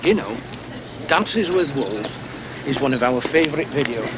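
An actor playing a chatty, tactless pub landlord quizzing tourists in a television drama. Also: male voice, medium pitch, lively intonation, normal speed, highs cut off, heavy background noise, natural voice.

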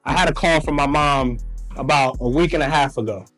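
A man's voice: on the high side, a little fast, fairly bright tone, soft background music. A man speaking to a live audience at a hotel event, hyping the crowd with call-and-response. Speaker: motivational speaker. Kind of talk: energetic stage talk.

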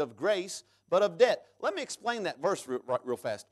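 A man preaching a sermon in church, reading scripture aloud and swinging between loud emphatic peaks and sudden hushed drops. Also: high-pitched, big pitch swings, normal speed, few pauses. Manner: reads scripture aloud in King James English. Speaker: pastor.

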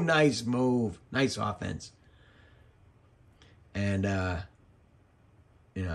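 A man's voice: deep voice, husky. A man, a former wrestling referee, giving casual, rambling commentary over old match footage and drifting into jokey side stories.

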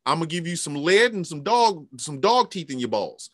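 A man's voice: a little high, moderate pace, dry recording, clean studio sound. A man hosting a podcast in casual, profane, emphatic chat. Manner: profane, emphatic, animated storytelling. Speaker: podcast host.

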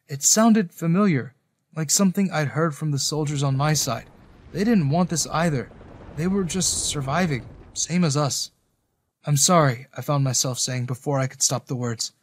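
A man narrating a first-person romance story in a calm, reflective way. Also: on the high side.

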